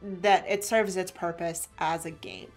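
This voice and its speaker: A woman's voice: fairly low pitch, fairly even intonation, measured pace, soft background music. A woman chatting casually while playing a video game, rambling through her thoughts, laughing often and swearing. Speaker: let's play co-host. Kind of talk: casual gaming chat.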